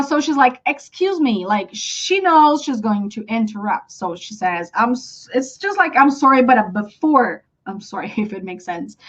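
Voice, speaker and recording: High-voiced young Brazilian woman, native Portuguese speaker, chatty live English teacher, dull lo-fi audio. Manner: chatty, animated, many fillers. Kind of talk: live online English lesson.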